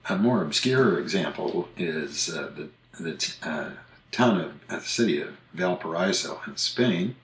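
Man, podcast host, casual chat, explanatory, very low voice, roomy echo. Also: unhurried. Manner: relaxed, explanatory, listing examples one by one. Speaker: podcast host discussing language usage.

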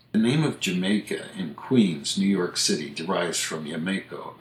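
Older male co-host, very low voice, chatty reader, echoey room. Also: slight background noise. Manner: chatty, reads entries aloud. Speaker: podcast co-host, author. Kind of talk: casual chat and reading aloud. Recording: roomy echo.

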